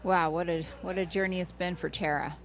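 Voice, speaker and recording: A woman's voice: fairly low pitch, fairly even intonation, a little fast. A woman commentating live on a mountain ultramarathon livestream, chatty and playful, sometimes correcting herself.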